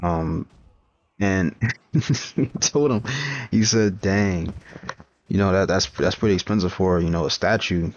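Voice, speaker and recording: A man's voice: low-pitched, a little slow, pauses often. Rambling young man, lo-fi mic. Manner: rambling, laughs often, trails off and restarts. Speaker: comics vlogger. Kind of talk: casual rambling chat while gaming. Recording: dull lo-fi home recording.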